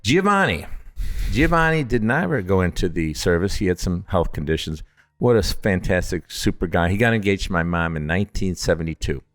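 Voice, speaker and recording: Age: middle-aged. Sex: man. Pitch: low. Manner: animated storyteller. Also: fairly quick. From upstate New York. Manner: animated storyteller, acts out quoted voices with big pitch jumps. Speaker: distillery founder, interview guest. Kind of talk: storytelling in a casual interview. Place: at his distillery.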